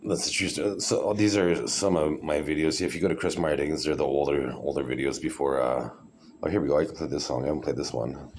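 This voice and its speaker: A man in his forties talking casually and rambling, with many halting restarts, as he introduces his own clips. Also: extremely low pitch, steady tone, a little mellow, a little hiss or hum. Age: 40s. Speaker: video creator.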